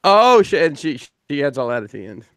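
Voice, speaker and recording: A man's voice: on the high side, very animated, fairly quick, a crowd in the background. A man hosting a podcast over a video call, joking loosely and swearing now and then. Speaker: podcast host. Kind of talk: casual chat.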